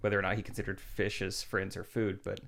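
Gravelly low man with dry jokes. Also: level tone, fast talker, a bit bright. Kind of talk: casual chat.

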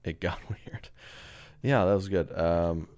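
A man's voice: low voice, takes it slowly, a little mellow. A young man co-hosting a casual podcast, joking and laughing often. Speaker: podcast co-host. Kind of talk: casual chat.

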